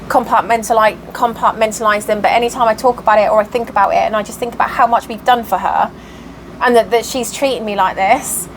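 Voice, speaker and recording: A woman's voice: medium pitch, fairly bright tone, slight background noise, low-quality recording. A tired woman chatting casually in a vlog update, venting her frustration and getting worked up. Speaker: cross stitch vlogger.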